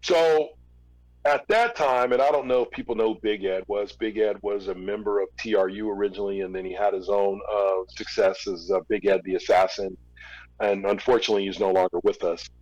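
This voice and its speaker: A man's voice: on the low side, fairly even intonation, a little fast, darkish tone, lo-fi sound. A man, a former record label executive, telling a long story in a casual interview, with fillers and restarts.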